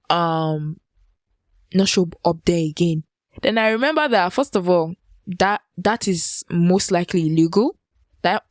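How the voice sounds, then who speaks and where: A woman hosting a podcast, telling a personal story in a casual monologue, animated and repeating phrases for effect. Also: no echo, studio quality. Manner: animated, jumps up in pitch for emphasis. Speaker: podcast host.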